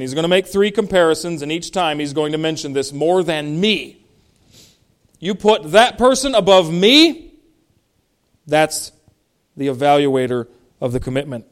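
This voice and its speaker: A man's voice: sits high, clear, resonant tone. A middle-aged male pastor preaching a sermon, reading Bible verses aloud and explaining them, with emphatic stresses.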